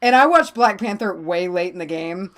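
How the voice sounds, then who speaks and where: A woman's voice: fairly low pitch, expressive, moderate pace, a bit bright. A woman with a Southern accent co-hosting a podcast, gushing enthusiastically and swearing casually. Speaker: podcast co-host.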